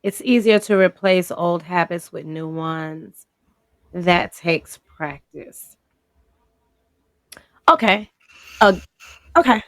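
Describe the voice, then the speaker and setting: A woman's voice: on the low side, takes it slowly, long pauses, a bit bright, dry recording, studio quality. A woman co-hosting a podcast in casual chat, speaking reflectively and adding short replies of agreement. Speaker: podcast co-host.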